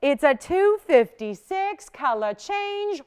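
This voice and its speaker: A woman's voice: very high-pitched, very animated, slow pace, darkish tone. A woman hosting a live jewelry shopping show, chatty and enthusiastic, laughing often as she sells.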